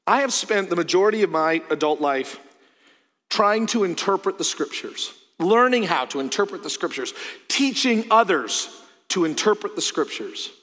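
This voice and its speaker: A middle-aged man delivers a sermon from the pulpit in a fairly high voice. He is earnest, swinging from loud, emphatic peaks to quiet, low asides. His words ring out with a long reverb across the church sanctuary. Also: animated, normal speed. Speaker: pastor.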